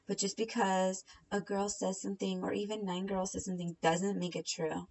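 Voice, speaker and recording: A woman's voice: medium pitch, little pitch movement, normal speed, hardly any pauses, darkish tone, poor audio. A young woman recapping and reacting to online drama in a blunt, sarcastic, casual way, swearing freely. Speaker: commentary vlogger. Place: home at night.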